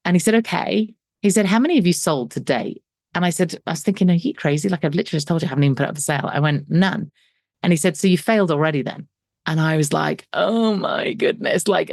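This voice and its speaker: A middle-aged woman with a low, slightly mellow voice, a business coach interviewed as a guest, tells her story animatedly. She acts out the dialogue with self-deprecating humour in a conversational way, and the recording is dry and studio quality.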